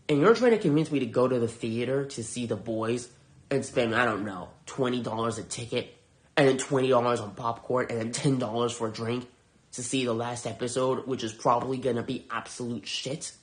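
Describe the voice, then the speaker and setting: A man's voice: medium pitch, normal speed. A man hosting a podcast, reviewing shows in a heated, profane, sarcastic rant. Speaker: podcast host.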